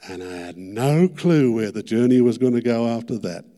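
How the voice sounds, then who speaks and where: A middle-aged Australian man preaching a sermon testimony, earnest and fervent, repeating his words and rising to loud peaks. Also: medium pitch, lively intonation, moderate pace. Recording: long hall reverb.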